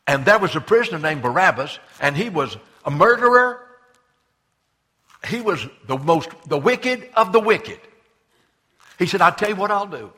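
A man preaching a sermon as pastor, swinging between loud passionate cries and hushed, slow scripture reading. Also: sits high, very animated, in a large hall. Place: church sanctuary.

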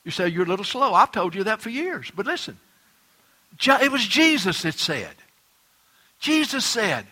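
A man preaching a sermon as pastor, swinging between loud emphatic lines and quiet, hushed ones. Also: high voice, very animated, normal speed, pauses often.

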